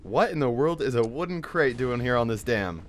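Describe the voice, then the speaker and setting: A young man with a cold giving excitable let's-play commentary, yelping and laughing at the scares. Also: medium pitch, moderate pace. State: has a cold. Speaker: gaming YouTuber.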